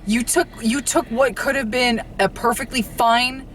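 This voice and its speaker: A woman's voice: a little high, steady tone, unhurried, fairly bright tone, a little hiss or hum. A woman co-hosting a casual movie review, blunt and swearing heavily with dry put-downs. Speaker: co-host. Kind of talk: casual spoiler review chat.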